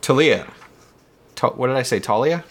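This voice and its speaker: A man's voice: medium pitch, normal speed, a crowd in the background. Man casually running down a list. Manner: relaxed, reads through a list with fillers. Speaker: podcast host. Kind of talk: casual sports chat.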